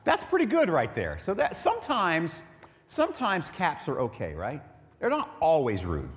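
Joking preacher in an echoey hall. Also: male voice, a little high, huge pitch swings, moderate pace. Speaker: pastor. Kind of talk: sermon.

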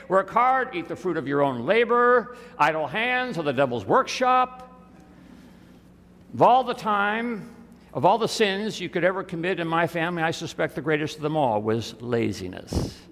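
A male pastor preaching a sermon, reading scripture slowly and letting phrase endings fall. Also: a little high, big-room sound. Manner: slow, deliberate reading, dropping at phrase ends. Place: church sanctuary.

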